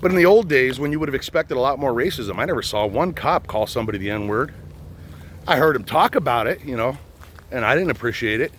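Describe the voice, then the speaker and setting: A man's voice: mid-range voice, lively intonation, fairly quick, fairly bright tone, slight background noise. An older man, a retired police officer, ranting bluntly and profanely to the camera while out on a boat in a swamp. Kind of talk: outdoor rant.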